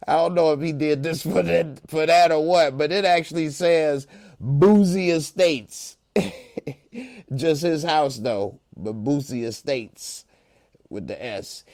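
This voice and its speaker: A man's voice: on the high side, takes it slowly, darkish tone, dry recording, studio quality. A man hosting a casual live-stream, joking around and reading out chat comments in a laid-back way. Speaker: podcast host.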